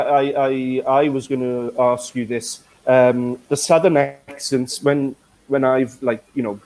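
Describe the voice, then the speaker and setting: A Welsh man hosts a live online English lesson, talking at an everyday pitch. He chats in a loose, hesitant way with plenty of fillers. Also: a little mellow, low-quality recording. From Wales. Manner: chatty and hesitant, many fillers. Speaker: English teacher.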